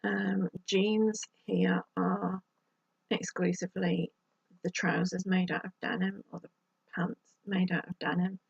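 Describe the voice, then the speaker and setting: Female vlogger, husky and dry-sounding, slightly muffled home recording. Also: fairly low pitch, flat delivery, unhurried, dry recording. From United Kingdom. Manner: chatty, exasperated asides. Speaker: YouTube vlogger. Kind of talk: casual advice to camera.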